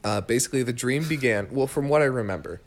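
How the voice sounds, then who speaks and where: A man's voice: medium pitch, animated, fast. A young man casually telling a story among friends, rambling with lots of fillers and laughing at himself. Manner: rambling, filler-heavy, self-amused.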